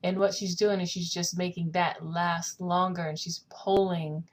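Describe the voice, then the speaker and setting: Young female vocal coach, slow and patient, stops often to sing demo phrases. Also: fairly low pitch, flat delivery. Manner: explains slowly, demonstrates lines by singing them. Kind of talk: singing lesson.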